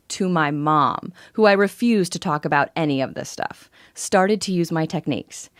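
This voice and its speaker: A woman's voice: lowish voice, no room sound, clean studio sound. A woman in her forties narrating a scripted first-person sales story in an intimate, confiding way. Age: 40s.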